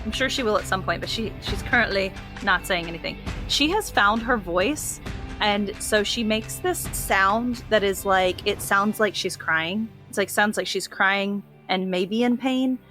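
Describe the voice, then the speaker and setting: A woman co-hosting a casual podcast, chatty and quick to laugh. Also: mid-range voice, bright, forceful tone, soft background music. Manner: giggly, chatty, laughs often. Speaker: podcast co-host. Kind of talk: casual chat.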